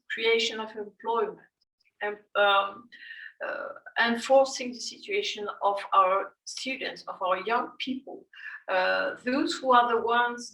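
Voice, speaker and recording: Tired-voiced woman, slow and far-miked. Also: medium pitch, bright, forceful tone. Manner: slow, halting, many fillers and restarts. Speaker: event moderator. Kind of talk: closing remarks at an online panel. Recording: echoey room, far from mic.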